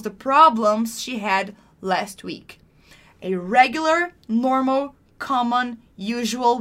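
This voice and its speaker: A woman's voice: on the high side, fairly bright tone. A woman teaching English, explaining a class dialogue patiently and repeating key phrases for learners.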